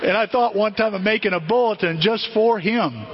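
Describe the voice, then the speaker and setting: A man's voice: sits high, a little fast. An older man, a pastor, preaching a sermon and telling stories, acting out the voices of people he quotes. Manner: storytelling, animated, acts out quoted voices. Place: church sanctuary. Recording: dull long-reverb church hall.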